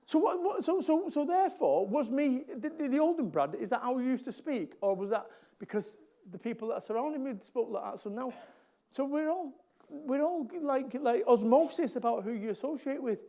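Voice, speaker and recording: A man with a Mancunian accent whose voice sits very high for a man. He talks to a live audience as a motivational speaker, blunt and jokey, and he hammers points home by saying them twice. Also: lively intonation, normal speed, mellow. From Salford, England. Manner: blunt, jokey, repeats lines for emphasis.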